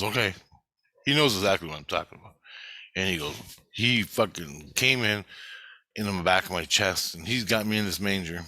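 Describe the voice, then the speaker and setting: A man's voice: low voice, pushed and bright, no room sound. A man casually telling a long, rambling personal story, swearing often and jumping between thoughts. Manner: profane, restless, digressive. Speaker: vlogger recounting spiritual experiences.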